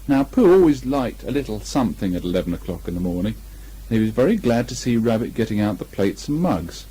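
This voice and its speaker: A man reading a children's story aloud in lively, expressive narration, on a muffled old tape. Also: fairly low pitch, fast talker, slightly rough.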